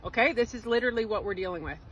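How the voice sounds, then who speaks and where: A woman's voice: on the high side, very fast, slight background noise, low-quality recording. A woman, giving emphatic, sarcastic political commentary in a vlog. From Canada.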